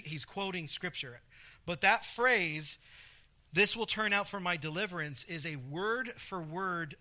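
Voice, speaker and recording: Bright-voiced man preaching a sermon. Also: high-pitched. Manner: conversational preaching, reads scripture with emphasis, frequent restarts. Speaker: pastor.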